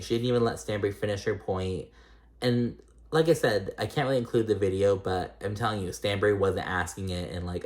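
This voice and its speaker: A man giving a casual, chatty recap of a reality TV episode, blunt and full of fillers, his pitch jumping up suddenly. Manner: chatty, filler-heavy and blunt, with frequent swearing; animated, with sudden jumps up in pitch.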